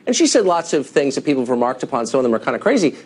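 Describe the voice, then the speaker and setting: TV host, male, 40s, sardonic and pointed, quick and lively delivery. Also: mid-range voice, breathy edge. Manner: pointed, sardonic questioning, laughing at times. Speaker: cable news host. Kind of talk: combative news interview. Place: television studio.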